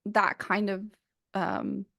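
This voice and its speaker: Chatty woman with a gravelly edge. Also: mid-range voice, little pitch movement, slow, a bit bright, no room sound, clean studio sound. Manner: chatty, many fillers and restarts. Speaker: podcast co-host. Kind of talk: casual chat.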